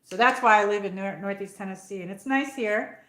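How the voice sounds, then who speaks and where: A woman's voice: mid-range voice, a little fast, fairly bright tone, roomy sound. A woman with an upstate New York accent hosting a rambling, casual live chat and reading out viewer comments. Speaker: livestream host.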